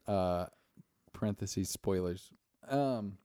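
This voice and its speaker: A man's voice: lowish voice, moderate pace, warm tone, no room sound, studio quality. A young man podcast host casually recapping a movie, rambling, swearing, and acting out the characters' lines.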